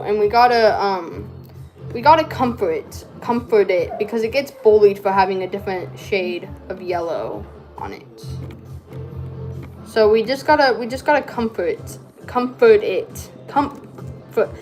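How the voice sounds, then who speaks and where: Crafting while she talks, this woman vlogger rambles chattily and keeps interrupting herself. She speaks at a medium pitch, a little slowly, with an animated yet slightly mellow voice over soft background music. A speech impediment leaves her struggling with R's.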